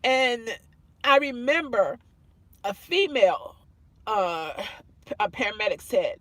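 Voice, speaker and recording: A woman's voice: a little high, sing-song, takes it slowly, a bit bright, dry recording. A woman vlogger telling a personal story to camera in an earnest way, often repeating phrases and restarting her sentences.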